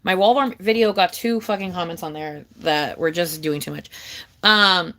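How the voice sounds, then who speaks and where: A young woman vlogger ranting casually to camera, swearing a lot and rambling, with big jumps in pitch and loudness. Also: normal speed.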